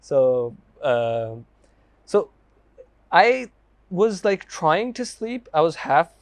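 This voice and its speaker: A young man hosting a casual chat, jumping in quickly and laughing along. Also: on the high side, sing-song, no room sound. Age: young adult. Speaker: podcast host.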